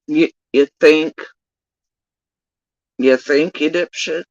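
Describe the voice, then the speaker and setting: A woman hosting reaction commentary, talking in a scornful, mocking way with sudden high-pitched jabs. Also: fairly even intonation, takes it slowly, dry recording, dull audio. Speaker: commentary host.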